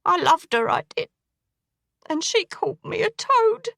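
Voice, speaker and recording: A woman's voice: a little high, expressive, pushed and bright, dry recording, studio quality, exaggerated voice. A woman playing a brooding killer. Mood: menacing. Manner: slow, brooding, coarse dialect. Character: menacing crippled male dressmaker killer.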